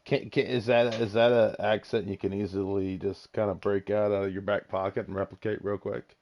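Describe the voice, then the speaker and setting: A man hosting a casual podcast chat, excitable and teasing, swearing freely. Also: on the low side, brisk. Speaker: podcast host. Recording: dull lo-fi voice chat.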